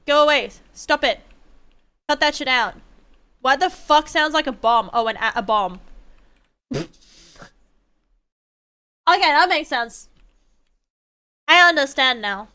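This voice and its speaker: A young woman streaming a game, chatting casually in a rambling way, swearing freely and breaking into excited outbursts. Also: high-pitched, takes it slowly, pauses often. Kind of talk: casual gameplay chat.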